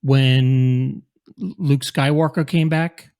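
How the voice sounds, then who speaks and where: A man's voice: medium pitch, fairly even intonation, takes it slowly, vocal fry, a little mellow, clear, resonant tone. A man co-hosting a casual chat, asking questions and speaking hesitantly. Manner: hesitant, many fillers and restarts.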